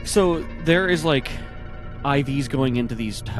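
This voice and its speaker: A player in a tabletop game who checks the rules aloud and tosses in quick asides, often chuckling. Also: mid-range voice, expressive, over music. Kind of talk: playing a tabletop game, casual.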